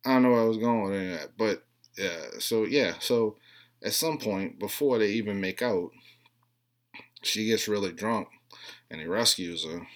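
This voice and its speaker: A man in his late thirties giving a rambling, crude comedic recap of a movie, with deadpan asides and mocking voices for the characters. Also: low voice. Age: 30s.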